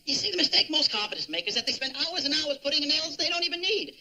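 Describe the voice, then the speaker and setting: An actor playing a boastful, easygoing carpenter who talks in halting drawls in a sitcom. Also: male voice, extremely high pitch, sing-song, pushed and bright, heavily acted.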